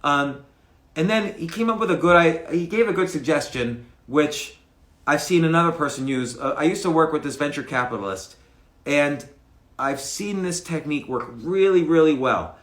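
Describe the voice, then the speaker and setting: Middle-aged male host, casual live-stream talker, slightly high voice, echoey room. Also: a bit bright. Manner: conversational, restarts phrases, acts out dialogue examples. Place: home room, livestream. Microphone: mic on a stand. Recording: roomy echo.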